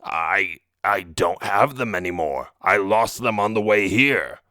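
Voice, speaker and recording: A sly, cowardly male troll, played by a man reading aloud who mumbles evasive answers in a low, quiet voice. The recording is dry and close. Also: lively intonation, unhurried, no echo. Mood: nervous. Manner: hesitant, evasive.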